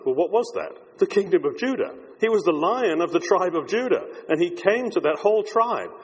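Husky-voiced man preaching a reflective sermon. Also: mid-range voice. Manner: reflective and discursive, with frequent restarts. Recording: long hall reverb.

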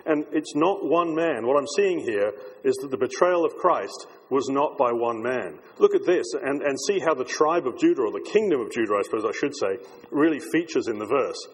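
A man preaches a thoughtful sermon, circling back and restarting his sentences as he works through his ideas. His voice is husky, at a middle pitch. A long reverb trails after each phrase, as in a large hall. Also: lively intonation, moderate pace. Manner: reflective and discursive, with frequent restarts.

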